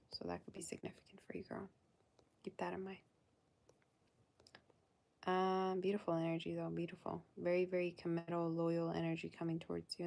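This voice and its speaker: With a lowish, slightly mellow voice touched by vocal fry, a woman does a live tarot reading. She keeps it casual, scattering fillers and half-sentences and addressing the listener as "girl."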